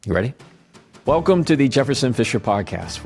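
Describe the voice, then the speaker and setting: A man's voice: mid-range voice, brisk, soft background music. A man hosting a podcast, giving advice in an emphatic coaching tone that rises and falls. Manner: emphatic, coaching tone with lively ups and downs. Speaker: podcast host. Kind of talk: conversational advice talk.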